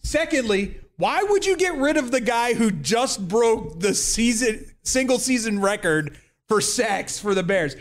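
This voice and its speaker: High-voiced joking man. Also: lively intonation, a little slow. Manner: joking, teasing. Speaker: podcast co-host. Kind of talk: casual banter.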